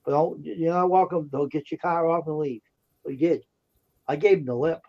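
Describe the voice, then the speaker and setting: A man's voice: a little high, fairly even intonation, normal speed, vocal fry, muffled recording. A man on a livestream casually telling indignant, heated stories about confrontations. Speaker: stream co-host. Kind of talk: casual storytelling chat.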